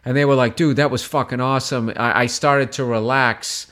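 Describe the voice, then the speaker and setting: A man's voice: medium pitch, normal speed. A man, a comedian guest, telling a story in casual chat, swearing freely and restarting his sentences as he goes. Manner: profane, animated, rambling with restarts.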